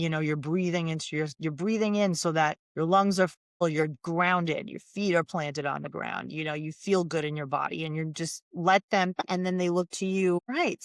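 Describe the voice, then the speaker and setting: An emphatic woman with a slightly low voice, speaking as a guest relationship coach. She talks in casual interview chat and acts out scenes in voices. The sound is dry and close. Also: no echo.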